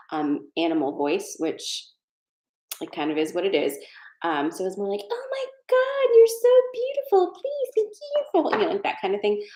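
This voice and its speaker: A woman hosting a casual live tarot card reading, chatty and digressive, laughing often. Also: deep voice. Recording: roomy echo.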